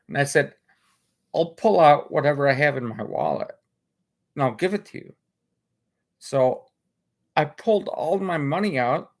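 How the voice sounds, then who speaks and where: Gravelly slow-talking man on a livestream. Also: medium pitch, fairly bright tone. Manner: halting, many restarts and fillers; earnest and emotional. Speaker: livestream host. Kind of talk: casual livestream monologue.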